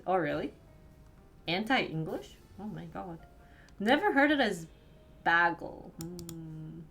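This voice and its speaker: A young woman streamer from the northern United States, chatting casually with her viewers, giggly and full of "like". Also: mid-range voice. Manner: chatty, giggly, fills talk with "like". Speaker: live streamer. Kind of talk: casual chat with live viewers.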